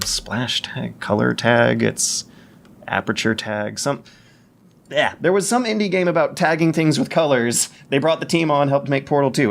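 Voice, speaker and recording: Male podcast co-host, mid-range voice, rapid enthusiastic chatter that trips over itself. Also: medium pitch, gravelly. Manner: fast, stammering, self-correcting enthusiasm. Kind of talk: casual podcast chat.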